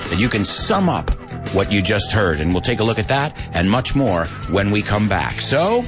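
A man's voice: on the low side, big pitch swings, moderate pace, over music. A man hosting a casual live English lesson, joking and laughing a lot and dropping into Spanish asides. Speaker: English teacher and show host.

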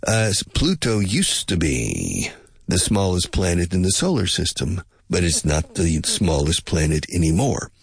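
Deep husky man. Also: very animated, unhurried, no echo. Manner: musing, speculative, repeats and drills pronunciation. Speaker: English teacher. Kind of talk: casual spoken lesson to learners.

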